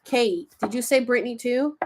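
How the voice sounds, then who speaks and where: A woman with a fairly high voice speaks at a normal speed against a noisy background. She hosts a casual livestream, chatting with viewers, swearing and laughing while she pulls oracle cards and reads them aloud.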